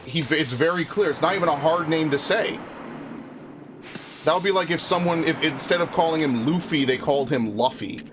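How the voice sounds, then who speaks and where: A man with a voice on the high side streams a video game over music, talking at a moderate pace. His casual live-stream chat is rambling and frustrated, with frequent swearing and restarted sentences.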